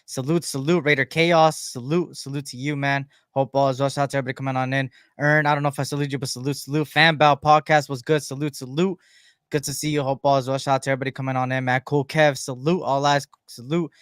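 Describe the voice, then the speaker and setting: A man co-hosting a live sports fan stream, reading out viewer shout-outs in a laid-back way. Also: mid-range voice, flat delivery, smooth, no room sound, studio quality. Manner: laid-back, reads viewer names quickly. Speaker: co-host of a sports fan livestream.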